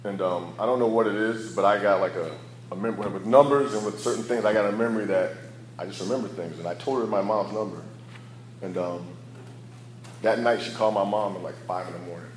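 A man's voice: lowish voice, brisk, reverberant, slight background noise, rough recording. A man sharing his personal recovery story as a candid, storytelling speaker who laughs at his own past. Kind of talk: personal testimony talk.

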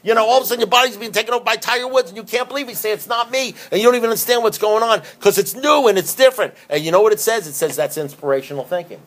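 A man's voice: sits high, racing, hardly any pauses. A man giving an emphatic, conversational recovery talk who often repeats himself. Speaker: recovery speaker.

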